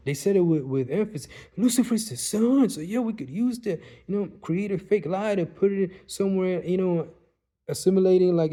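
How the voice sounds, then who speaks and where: A man's voice: mid-range voice, mellow. A man talking in a casual, rambling monologue, repeating himself and often asking if the listener follows. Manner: rambling, repetitive, keeps asking "you see what I mean". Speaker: vlogger.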